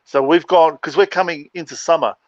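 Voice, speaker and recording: A man's voice: fairly high pitch, a little fast, no room sound, dull audio. An Australian man, a guest on a live stream, talking in a wry, laid-back way. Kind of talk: casual live stream chat.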